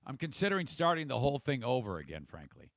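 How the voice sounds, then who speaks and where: A man's voice: mid-range voice, huge pitch swings, fast, a bit bright, no echo. A podcast host talking through a casual livestream monologue, rambling and irritable, swearing freely and restarting his sentences.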